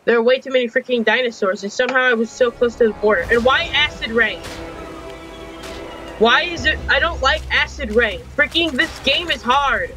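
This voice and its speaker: A man's voice: very high voice, moderate pace, music in the background. A young man commenting on his gameplay, frustrated and complaining, with frequent mild swearing. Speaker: gaming channel host. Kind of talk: game commentary.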